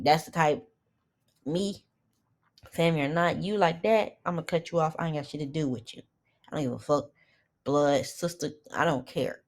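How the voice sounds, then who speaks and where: Low gravelly woman ranting bluntly. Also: a little mellow. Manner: blunt, profane, opinionated ranting. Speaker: reality TV recap YouTuber. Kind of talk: casual episode recap commentary.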